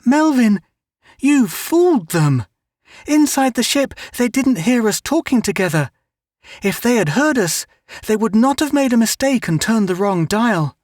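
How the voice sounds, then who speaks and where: A man voicing an emotional young girl in a storybook reading, raising his voice high and breathless. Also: big pitch swings, unhurried, a little mellow, dry recording, studio quality, full character voice. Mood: earnest.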